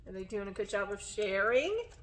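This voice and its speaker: A woman librarian leading a children's story time, gently coaxing the kids with questions as she reads a picture book. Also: mid-range voice, sing-song, normal speed.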